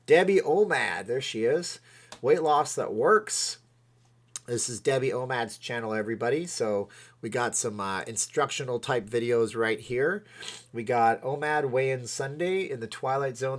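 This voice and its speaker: A man from Canada hosting a livestream, chatting casually, rambling and reading viewer comments aloud. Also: mid-range voice. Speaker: livestream host.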